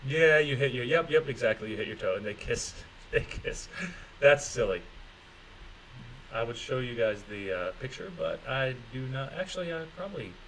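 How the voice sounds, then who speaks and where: On a low-quality recording with a little hiss or hum, a livestream host talks in an animated, somewhat bright, medium-pitched voice at normal speed. He rambles profanely through a casual chat, reads viewer comments aloud, and mocks people's excuses with sarcasm and imitated voices.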